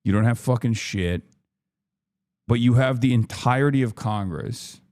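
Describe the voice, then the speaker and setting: A man's voice: mid-range voice, measured pace, darkish tone, dry recording, clean studio sound. Man ranting heatedly on a stream. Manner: slips into mocking put-on voices. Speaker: streamer host. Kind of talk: live-stream political commentary.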